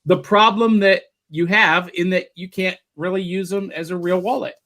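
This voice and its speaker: A man hosting a casual podcast chat, telling stories in an animated way. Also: high voice, normal speed. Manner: animated storyteller. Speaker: podcast host.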